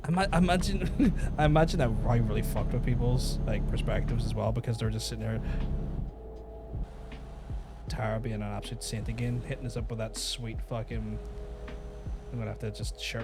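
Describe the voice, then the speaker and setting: A man's voice: medium pitch, steady tone, normal speed, loud music behind the voice. A man hosting a podcast, chatting casually over gameplay with crude, teasing jokes. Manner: crude, teasing banter with mock voices. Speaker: podcast host.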